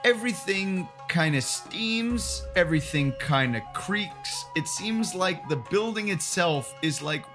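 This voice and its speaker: A game master talks a tabletop group through a scene, animated and chatty. The pitch rises and falls widely, with soft music running under the session. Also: a little slow, few pauses. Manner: animated, laughing, chatty descriptions.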